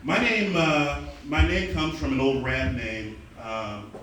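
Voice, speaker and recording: A man's voice: a little high, slow pace, slight background noise. A man from the American South, doing profane live stand-up comedy and bantering with the crowd. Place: underground comedy club. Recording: distant mic in an echoey club, loud crowd.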